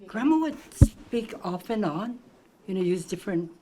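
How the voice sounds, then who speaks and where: A woman's voice: medium pitch, lively intonation, normal speed, noisy background. An older woman from Hawaii with a Hawaiian Pidgin-tinged accent, reminiscing about her grandparents in a rambling way and searching for words. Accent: Hawaiian Pidgin-tinged English. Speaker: granddaughter sharing memories. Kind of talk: conversational reminiscing.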